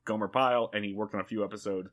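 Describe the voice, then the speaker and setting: A man's voice: lowish voice, steady tone, very fast, fairly bright tone. A man co-hosting a podcast in laid-back, profane casual chat, with plenty of fillers. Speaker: podcast co-host.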